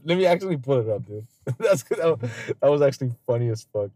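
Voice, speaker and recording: A man's voice: medium pitch, lively intonation, fast, hardly any pauses, mellow, dry recording. A man hosting a casual podcast chat, telling stories loosely with lots of swearing and frequent laughter. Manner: loose, profane storytelling; laughs often. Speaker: podcast host.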